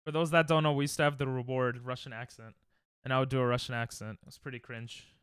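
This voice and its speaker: Young male streamer, bright clear voice, animated and rambling, dry close sound. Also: fast talker, dry recording. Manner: rambling, laughs often, sudden high yelps. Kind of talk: casual chat with live chat.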